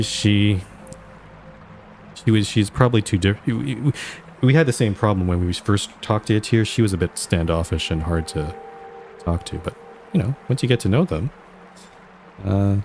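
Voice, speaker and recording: A man's voice: sits low, normal speed, darkish tone, soft background music. A man streaming a game, chatting casually and wryly, often trailing off mid-thought. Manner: chatty, wry, laughs and trails off. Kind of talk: casual live commentary while playing.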